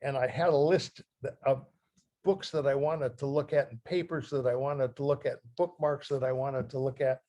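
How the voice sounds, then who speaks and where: Older man from Ohio, halting heartfelt talk. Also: medium pitch, steady tone, dark tone. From Ohio, USA. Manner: halting and heartfelt, often restarting phrases. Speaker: guest speaker. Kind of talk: talk reading from his memoir.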